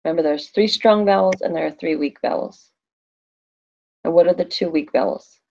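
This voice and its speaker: A woman's voice: lowish voice, normal speed, vocal fry, warm tone, lo-fi sound. A woman teaching a Spanish class on a screen recording, asking questions and answering them herself in a chatty way.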